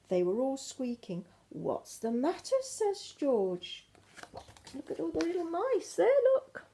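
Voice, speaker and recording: An older woman reading a picture book aloud to her grandchildren, with gentle, chatty asides. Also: sits high, breathy edge.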